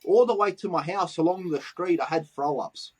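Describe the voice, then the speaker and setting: A man's voice: sits high, normal speed, crowd noise. A middle-aged Australian man with a Sydney accent, telling swear-laden street stories in a casual interview. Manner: swears freely, animated anecdotes in street slang. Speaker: guest, graffiti artist.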